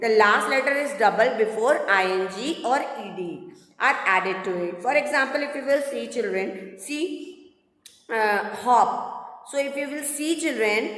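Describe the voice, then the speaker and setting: Indian english lady teacher, kinda high voice, spells words out letter by letter, slow and patient. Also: fairly bright tone. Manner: patient, repetitive, keeps addressing the children, spells words out letter by letter. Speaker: primary school English teacher. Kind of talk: recorded online class explanation. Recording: echoey room with long reverb.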